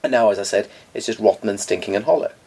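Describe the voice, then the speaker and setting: Man, podcast co-host; gravelly, fussy about diction, opinionated. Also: lowish voice, quick pace, darkish tone. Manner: pedantic, opinionated, articulate. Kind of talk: casual chat.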